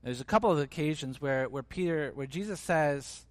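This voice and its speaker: Male pastor, sermon, conversational, emphatic, higher voice, dry recording. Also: lively intonation, normal speed, no echo. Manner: conversational and emphatic, acts out scenes.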